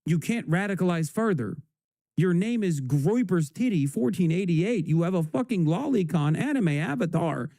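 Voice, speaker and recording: Profane, ranting male streamer, mellow tone. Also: high voice, lively intonation, moderate pace, vocal fry, no echo, clean studio sound. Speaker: livestream host. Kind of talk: casual reaction stream.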